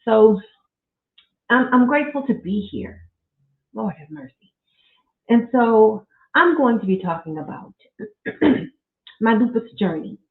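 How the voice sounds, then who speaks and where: A middle-aged woman hosting a podcast, talking slowly and from the heart, with frequent religious exclamations. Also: a little high, lively intonation. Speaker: podcast host. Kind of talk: casual faith-based personal talk. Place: at home. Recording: echoey room, phone-like audio.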